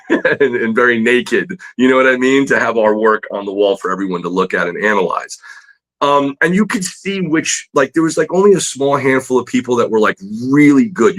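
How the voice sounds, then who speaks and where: A man's voice: mid-range voice, low-quality recording. Chatty male comic artist telling a story. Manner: animated, laughs often, many fillers. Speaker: guest comic book artist. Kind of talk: casual storytelling in a podcast interview.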